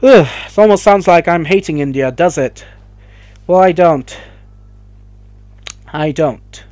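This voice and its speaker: A man's voice: a little high, slow, darkish tone, no echo. A young man ranting emotionally to camera in a vlog, swearing and rambling as he gets worked up. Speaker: vlogger. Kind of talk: heated opinion rant to camera.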